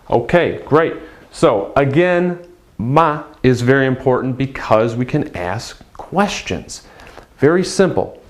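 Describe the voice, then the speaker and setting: With a mid-range voice, a man teaches a beginner language lesson, explaining patiently and repeating phrases slowly so learners can practice.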